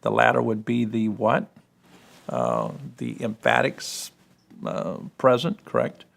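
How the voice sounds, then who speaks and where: A man with a gravelly voice explaining Hebrew and Greek grammar in a discussion, full of "you know" and checking "correct?". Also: medium pitch, very animated, a little slow, a bit bright. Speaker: guest explaining biblical languages.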